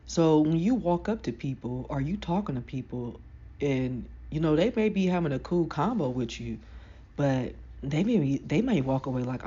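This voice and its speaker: A woman with a deep voice giving casual, frank motivational advice to camera. She talks emphatically, in slang. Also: lively intonation, moderate pace, mellow, slightly rough, muffled recording. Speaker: self-help vlogger.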